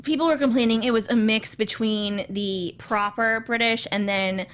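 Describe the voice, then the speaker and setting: A woman's voice: on the high side, fairly even intonation, moderate pace. A woman guest in a casual chat, talking enthusiastically with frequent restarts. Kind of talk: casual chat about a TV show.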